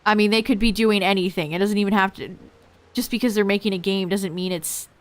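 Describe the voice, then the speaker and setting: A young woman live-streaming a game, chatting casually with her viewers, her voice going a little hoarse. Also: mid-range voice, steady tone, brisk. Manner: laid-back, chatty, talks to chat. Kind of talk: casual live-stream chat while gaming.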